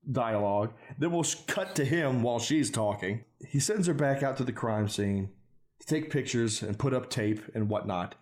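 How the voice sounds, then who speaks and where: A man's voice: mid-range voice, a little mellow. A young man casually recapping a bad movie with sarcastic, swearing commentary. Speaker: podcast host recapping a movie. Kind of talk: casual chat.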